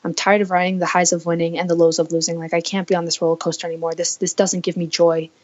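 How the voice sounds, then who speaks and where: A woman's voice: on the low side, little pitch movement, quick pace, a little mellow, muffled recording. A woman in her twenties from the United States, telling her own story earnestly as a podcast guest and voicing her past thoughts aloud. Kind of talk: candid personal storytelling.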